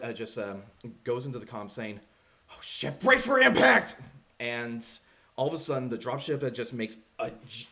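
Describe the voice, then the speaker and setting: A man running a tabletop game as game master, narrating in a halting way with many fillers. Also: medium pitch. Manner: halting, full of fillers and restarts.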